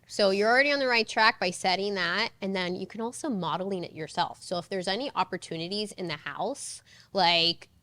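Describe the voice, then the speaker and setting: A woman's voice: mid-range voice, brisk, bright, forceful tone. A woman psychologist giving advice in a casual podcast conversation, chatty and full of fillers. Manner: chatty, advising, many "like" fillers. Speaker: psychologist guest.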